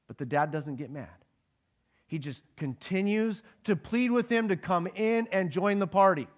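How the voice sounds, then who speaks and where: Unhurried and animated, this high-pitched male voice belongs to a pastor giving a conversational sermon on a Bible passage. He poses questions to the congregation and performs the characters' quoted lines.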